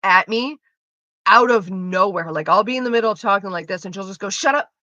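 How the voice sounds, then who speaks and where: A woman streamer in casual chat with her viewers, rambling fast and swearing freely. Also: mid-range voice, pushed and bright, no echo, highs cut off.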